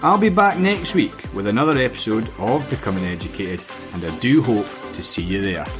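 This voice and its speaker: A man's voice: on the low side, expressive, fairly quick. A man hosting a podcast interview, politely thanking his guest and asking questions. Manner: courteous, thanks guest often. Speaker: podcast host. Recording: music in background.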